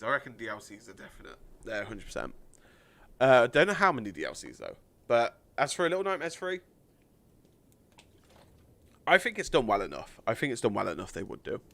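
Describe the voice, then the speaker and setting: Chatty man streaming, slightly hoarse. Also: medium pitch, no room sound. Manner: chatty, filler-heavy, thanks donors warmly. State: hoarse, losing his voice. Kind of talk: live stream chat.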